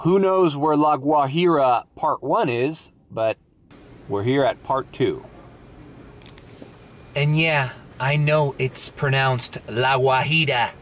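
A man's voice: fairly high pitch, fairly bright tone. A young man delivering food, ranting bluntly and sarcastically with swearing, speaking English with a slight Latino accent from inside his car. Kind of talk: casual rant vlog.

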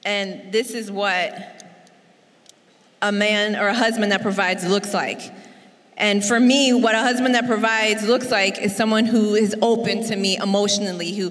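Woman, sermon co-speaker, bright tone, chatty with fillers, reverberant church hall. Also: medium pitch. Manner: chatty, with many fillers like "like" and "you know". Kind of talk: conversational sermon.

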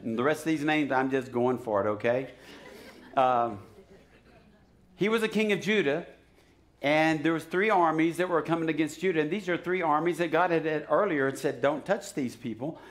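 Brief: male pastor, high voice, casual sermon that builds to shouted urging, church service. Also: lively intonation, a little fast. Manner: conversational preaching that swells to loud, shouted exhortation; joking asides and frequent restarts. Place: church sanctuary.

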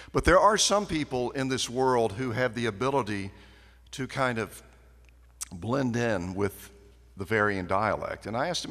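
Man, banquet speaker, folksy storytelling, lively pitch, echoey hall. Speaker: guest speaker at a business banquet. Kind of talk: anecdotal after-dinner speech.

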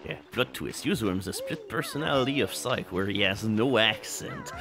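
A man's voice: on the low side, expressive, moderate pace, music in the background. A man hosting a let's play, chatting casually and joking at his own expense. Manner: jokey, self-mocking. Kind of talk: casual gaming commentary.

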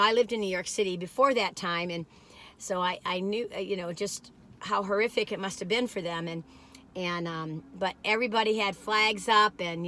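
Bright-voiced older woman rambling. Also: medium pitch. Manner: rambling, folksy, exclamatory. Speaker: cookie review vlogger. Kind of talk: casual chatty food review.

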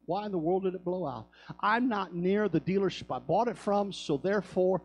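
A man's voice: high voice, moderate pace, muffled recording, faint music behind. A man preaching a sermon in a church, telling stories and building to fervent calls. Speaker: pastor. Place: church sanctuary.

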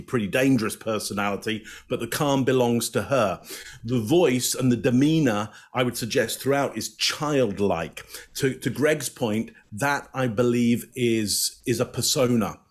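Man, panel commentator, measured, frequent uhs, mid-range pitch. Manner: measured, many filler "uh"s. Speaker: body language analyst panelist.

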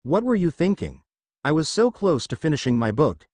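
A man's voice: fairly high pitch, sing-song, moderate pace, darkish tone, dry recording. A man voicing a lecherous old male sage mentor in a fan fiction audiobook, talking in a theatrical, blustering way. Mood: sulking.

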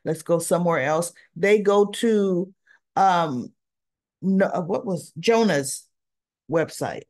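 A woman's voice: on the low side, takes it slowly, darkish tone. A woman recapping a daytime soap episode in a casual, chatty way, acting out bits of the dialogue as she retells the scenes. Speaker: soap opera reviewer.

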